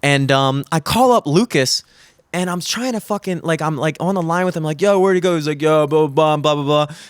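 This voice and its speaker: A young man co-hosting a studio podcast, telling a story in casual, animated chat with plenty of swearing and acted-out quotes. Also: fairly high pitch, fairly quick, dry recording. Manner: animated, swearing, acts out quotes in raised voices. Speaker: podcast co-host. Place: small studio. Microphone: studio mic.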